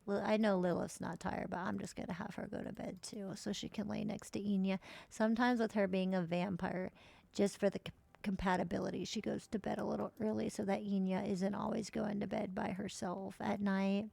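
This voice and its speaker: A woman's voice: medium pitch, little pitch movement, brisk, vocal fry, a little mellow, no room sound. A woman streaming a life-simulation game, chatting casually and swearing now and then as she plays. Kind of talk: casual gameplay commentary.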